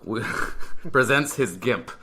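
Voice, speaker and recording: A man's voice: mid-range voice, animated, slow, bright, forceful tone, husky. A man co-hosting a casual film review podcast, speaking in a laid-back way and laughing easily. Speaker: podcast co-host.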